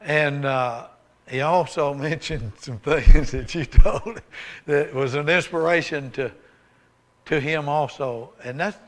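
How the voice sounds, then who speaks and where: A man's voice: fairly high pitch, takes it slowly, fairly bright tone. A man giving a folksy, emphatic sermon testimony as a guest preacher, reading scripture aloud with rising force.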